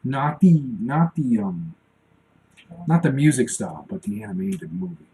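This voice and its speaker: A cartoonist in his forties streams live while drawing, chatting casually, rambling, and talking to himself as he works. His fairly high, gravelly, mellow voice is very animated yet unhurried, and the recording quality is low.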